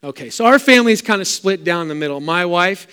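A man's voice: sits high, lively intonation, fast talker, sharp tone, clean tone. A middle-aged man preaching a sermon as pastor, fervent and emphatic with repeated phrases.

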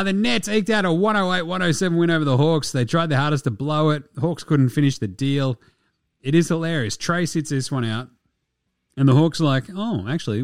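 A man's voice: on the high side, dry recording, studio quality. Sweary, rambling Australian man. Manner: sweary, rambling, jokey, puts on quick silly voices. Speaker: podcast host. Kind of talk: casual sports chat.

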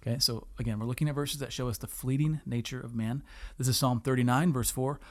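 A man in his thirties co-hosting a podcast, reading verses slowly and earnestly and chatting casually with an easy laugh. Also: medium pitch, steady tone, darkish tone. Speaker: podcast co-host. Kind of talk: casual chat with scripture reading.

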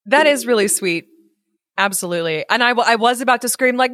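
A woman reacting to a story in casual chat with wry, quick remarks. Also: a little high, expressive, fairly bright tone, no room sound, studio quality.

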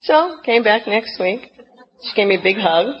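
A woman's voice: mid-range voice, moderate pace, some chatter behind. Woman, middle-aged, New Jersey accent, comic storyteller at a recovery meeting, dull lo-fi sound. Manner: lively comic storyteller, acting out her past outbursts. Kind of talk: humorous personal story talk. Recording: dull lo-fi recording with faint noise.

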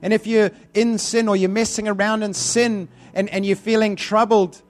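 A man with a high-pitched voice preaches and prays with fervor, repeating phrases to drive them home. Soft music plays faintly underneath him. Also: flat delivery, moderate pace. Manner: fervent, repeating phrases for emphasis. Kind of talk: sermon with prayer.

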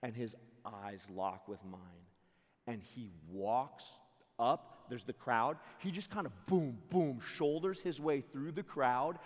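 A young man preaching to a camp crowd, telling a story in an excitable, animated way and laughing along. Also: mid-range voice, slow. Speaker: camp speaker. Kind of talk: storytelling sermon to a youth camp. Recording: long hall reverb.

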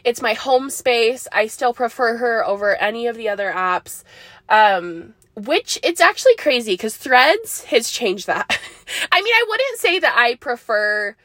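A woman's voice: a little high, lively intonation, a little slow, fairly bright tone, dry recording, studio quality. Bubbly, rambling young woman podcaster. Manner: rambling, bubbly, laughs often, many likes and ums. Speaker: podcast host. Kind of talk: casual solo podcast chat.

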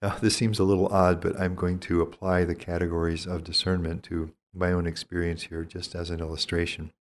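Deep-voiced older priest, gentle and measured. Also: male voice, flat delivery. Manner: measured, gentle and thoughtful, with frequent pauses. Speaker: priest and retreat teacher. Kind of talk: reflective spoken teaching.

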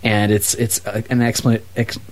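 A man's voice: lowish voice, flat delivery, moderate pace. A man co-hosting a podcast, chatting casually about a movie with enthusiasm and lots of fillers. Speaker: podcast co-host. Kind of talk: casual movie review chat.

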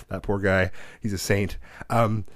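A man in his thirties tells family stories in a relaxed chat. He swears freely and jumps into the voices of the people he quotes. The sound is close and dry, with no room around it. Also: fairly low pitch, takes it slowly, no echo. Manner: profane, animated storyteller who acts out quotes. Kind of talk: casual storytelling chat.

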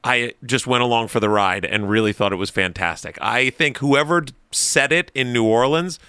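Man, casual movie chat, measured wordy delivery, forceful bright tone, dry sound. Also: medium pitch, clear, resonant tone, no room sound. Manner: measured, wordy, playfully formal. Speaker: film podcast co-host. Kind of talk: casual film discussion.

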